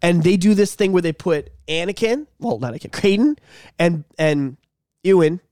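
A man co-hosting a casual podcast, chatting loosely, swearing freely and slipping into quick impressions of film characters. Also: sits high, expressive, a little mellow, no room sound, studio quality. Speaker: podcast co-host. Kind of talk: casual chat.

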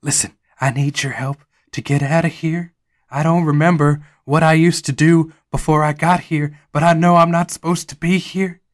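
A man's voice: a little high, fairly even intonation, moderate pace, pitched above the performer's own voice, close to an everyday voice. A man voicing a nervous male park worker who stammers out a warning. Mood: urgent.

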